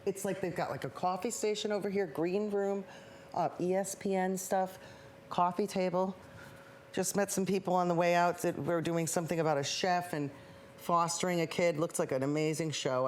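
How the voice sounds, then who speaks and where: A woman of fifty hosts her painting show from a public access TV studio, rambling and upbeat as she paints. Her pitch sits in an ordinary middle range. A faint hum of room noise lies under her voice. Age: 50s. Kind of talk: chatty live painting demonstration.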